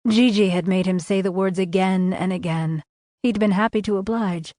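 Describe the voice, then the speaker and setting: A woman narrates a historical romance audiobook in a measured, expressive storytelling voice. She speaks at an ordinary middle pitch. The studio sound is dry and close. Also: dry recording.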